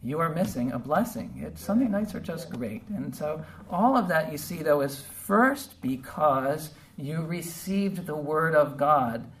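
A man's voice: fairly high pitch, animated. Heartfelt male pastor, distant mic. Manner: heartfelt, conversational, halting with fillers. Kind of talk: sermon. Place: church service. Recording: distant mic with faint background noise.

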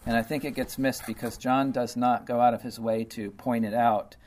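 A man's voice: medium pitch, steady tone, moderate pace, darkish tone. A man preaching a sermon in a conversational way, reading scripture and explaining it with lots of "okay" and "you know".

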